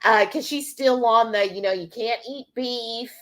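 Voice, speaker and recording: A woman's voice: fairly high pitch, measured pace. A chatty woman co-hosting a live cooking stream, her voice sitting a little above the usual female range. She rambles through stories in easy, unscripted talk, stacking up "like" and "I said" as she goes. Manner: chatty storyteller who acts out quoted dialogue. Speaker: livestream cooking show co-host. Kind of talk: casual chat.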